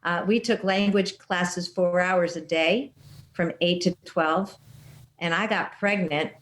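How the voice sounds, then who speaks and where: A woman's voice: on the low side, fairly even intonation, slow. Give me an older woman from the US reflecting candidly on her years abroad. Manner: frank and reflective. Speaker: missionary, interview guest. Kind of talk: casual interview storytelling.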